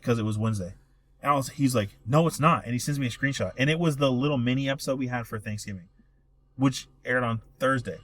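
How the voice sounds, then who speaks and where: A man's voice: mid-range voice, fast talker. A young man co-hosting a casual podcast, rambling and profane, often cutting himself off mid-sentence. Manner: rambling, profane, self-interrupting storyteller. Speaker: podcast co-host. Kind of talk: casual chat.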